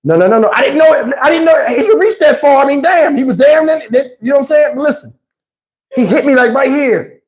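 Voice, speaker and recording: A man's voice: extremely high pitch, fairly quick, poor audio. A man hosting a casual storytime, acting out the quotes in his story and laughing as he goes. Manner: animated, acts out quotes and laughs mid-story. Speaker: host.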